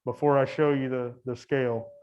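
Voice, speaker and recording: A man's voice: medium pitch, little pitch movement, normal speed, a little mellow, dull audio. A man casually commenting while he watches cattle, chatty, laughing often and breaking off his sentences. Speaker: guide.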